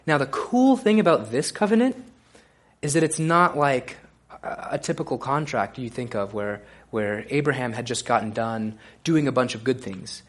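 A man preaching a conversational sermon in a relaxed way, often pausing with fillers and restarting his sentences. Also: mid-range voice. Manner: casual, relaxed delivery with frequent fillers and restarts.

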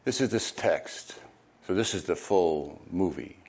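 An older man, a retired pastor, preaching a conversational sermon with halting fillers and bursts of animated storytelling. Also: low voice. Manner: conversational, halting with fillers, animated when acting out crowd reactions.

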